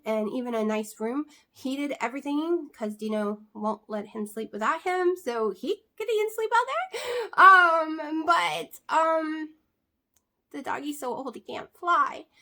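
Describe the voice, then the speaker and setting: A high-pitched woman vlogger chats casually to her camera. She rambles warmly from one aside to another, her talk full of little fillers.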